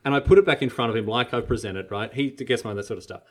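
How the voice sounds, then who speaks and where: A man on a casual podcast, telling a story in an animated way and acting out the quotes. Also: quick pace. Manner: animated storyteller, acts out quotes with big pitch jumps.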